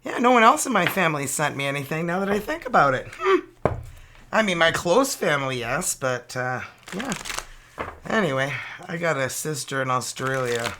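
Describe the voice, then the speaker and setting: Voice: medium pitch, big pitch swings, normal speed, noisy background. A tarot reader from Canada with a Canadian accent, giving a casual, playful and exclamatory reading that mixes in French card names.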